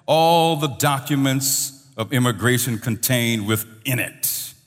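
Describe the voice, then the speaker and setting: Slow, animated male preacher in a reverberant hall. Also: mid-range voice. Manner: animated storyteller, voice trails off softly at phrase ends. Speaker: pastor. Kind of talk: sermon storytelling.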